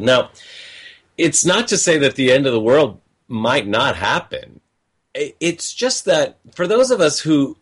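A man with a mid-range, slightly breathy voice gives a personal, reflective monologue about calls he received. He speaks conversationally, quoting the callers and chuckling often.

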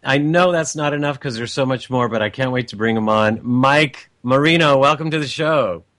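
A talk show host from the American West Coast leads an interview, halting often and starting sentences over. His voice sits at an ordinary middle pitch for a man. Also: a bit bright. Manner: halting, many fillers and restarts, laughs along. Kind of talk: casual interview.

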